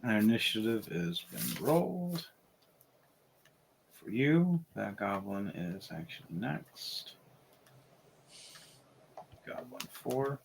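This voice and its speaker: A man running a tabletop game as game master, narrating with animated, laughing energy. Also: fairly low pitch, slow pace, gravelly, pauses often, noisy background.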